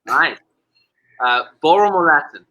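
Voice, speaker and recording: A man hosting a casual interview, firing off quick quiz-style questions. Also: fairly high pitch, animated, sharp tone, rough recording. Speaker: podcast host.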